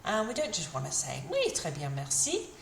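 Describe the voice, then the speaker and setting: A woman, teaching beginners French idioms and repeating each phrase slowly. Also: low-pitched, wildly swooping pitch, vocal fry, reverberant, slight background noise. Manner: slow, carefully modelled French phrases between English explanations. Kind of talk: beginner language lesson.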